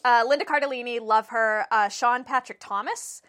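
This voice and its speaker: A woman in her thirties co-hosting a casual podcast, animated and blunt, swearing and laughing often. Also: a little high, moderate pace. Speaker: podcast co-host. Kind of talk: casual chat.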